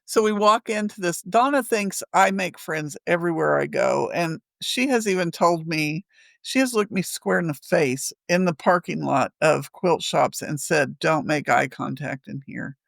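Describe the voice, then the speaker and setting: Chatty, gravelly woman. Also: fairly low pitch, normal speed, no room sound. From Missouri. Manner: chatty, rambling, laughs often. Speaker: podcast co-host. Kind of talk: casual storytelling chat.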